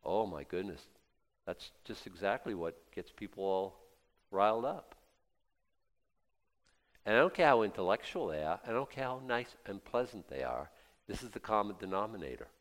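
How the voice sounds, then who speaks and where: A middle-aged male pastor preaching a sermon in a chatty way, dropping to quiet asides and rising to loud emphatic bursts. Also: lowish voice, sing-song, normal speed, pauses often. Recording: long hall reverb.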